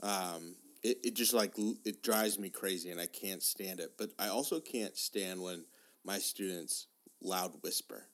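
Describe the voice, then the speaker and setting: A man who teaches school, co-hosting a casual chat, rambling and self-deprecating and quick to laugh. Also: low voice, fairly bright tone. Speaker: teacher and podcast co-host.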